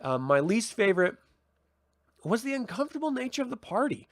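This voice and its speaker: A man talks through a TV episode review on his own channel in a loose, chatty way. He rambles and restarts, filling pauses with ums. His voice sits a little high and the sound is dry and close. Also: big pitch swings, no room sound. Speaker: TV review host. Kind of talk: casual solo review talk.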